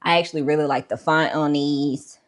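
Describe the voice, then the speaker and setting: In a low voice with fairly even intonation and a moderate pace, a woman vlogger walks through her book collection in relaxed show-and-tell style. Slightly winded, she chats easily, leaning on lots of fillers and dropping in a "y'all" now and then, over faint background noise.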